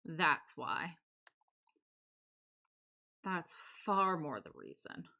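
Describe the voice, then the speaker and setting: Bright-voiced woman streamer chatting while building. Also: sits low, extremely slow, vocal fry. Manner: animated storyteller, laughs often, acts out quotes. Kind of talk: casual live-stream chat while building. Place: home streaming setup.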